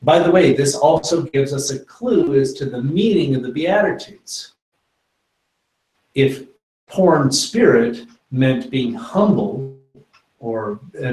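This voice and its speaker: A man's voice: medium pitch, darkish tone, echoey room, low-quality recording. A man leading an informal Bible study, talking in a loose conversational way with lots of fillers and restarts. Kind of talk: informal Bible teaching with discussion.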